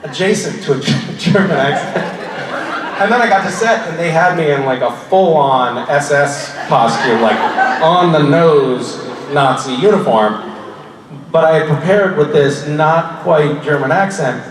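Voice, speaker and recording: A man in his forties tells loose, self-mocking stories and keeps breaking into laughter. He is heard from far off in a big echoing hall, with a steady wash of noise around him. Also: a little high, unhurried. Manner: laughing, rambling, self-deprecating anecdotes. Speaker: convention panel guest. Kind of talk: casual Q&A storytelling. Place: large convention hall.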